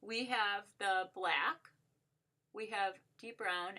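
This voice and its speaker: A woman's voice: mid-range voice, takes it slowly, pushed and bright. A woman giving a casual makeup tutorial while demonstrating on herself, upbeat and gushing, with lots of "like" and "so" fillers.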